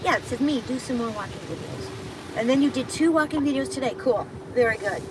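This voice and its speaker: A woman's voice: fairly high pitch, brisk. A woman gig driver chatting casually with her live viewers while she drives, rambling from one thought to the next. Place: in a car on the road. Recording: distant phone mic with loud road noise.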